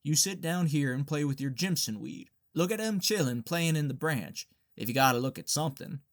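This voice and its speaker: A man's voice: on the high side, expressive, moderate pace. A man voicing Luster, a restless, bossy Southern teenage boy with a drawling, scolding way of talking, in an audiobook reading.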